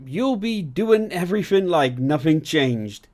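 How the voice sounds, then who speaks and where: A man voicing a cheerful, kind and pushy middle-aged housekeeper in a shrill but friendly voice. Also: animated, unhurried, darkish tone. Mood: warm fussing. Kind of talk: audiobook character voice.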